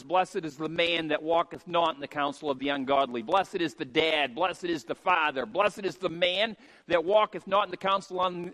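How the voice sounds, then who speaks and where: A middle-aged man preaching a sermon as a pastor, emphatic and rising to shouts on key points. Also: on the high side. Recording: long hall reverb.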